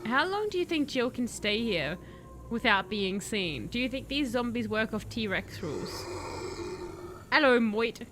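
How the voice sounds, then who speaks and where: A woman streaming a horror game, chatting playfully with her chat and breaking into excited shouts. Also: on the high side, moderate pace, music in the background. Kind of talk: live game commentary. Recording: faint background noise.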